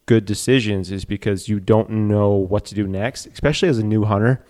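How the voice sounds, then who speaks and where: A man telling a hunting story in a casual chat, animated and reliving the moment. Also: fairly low pitch, brisk.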